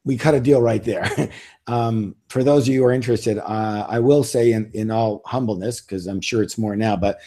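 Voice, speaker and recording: A man's voice: fairly low pitch, moderate pace, mellow. A middle-aged man telling stories as an interview guest in a casual, self-assured way, with emphatic repeats. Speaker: interview guest, author and seminar leader.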